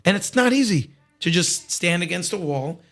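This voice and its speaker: A man with a slightly raspy, edgy voice that sits a bit high for a man. He speaks as a singer guest on a podcast, candid and reflective. His sentences often loop back and restart. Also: lively intonation, moderate pace, a bit bright. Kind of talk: casual interview conversation.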